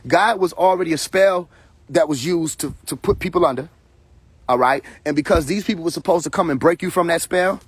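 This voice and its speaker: A man ranting on a live stream from his phone, his voice a little high and husky. He talks in a confrontational, preachy way and keeps repeating phrases. The sound is dry and close. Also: fairly quick, no room sound. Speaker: livestream host. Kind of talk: heated casual rant on a live stream.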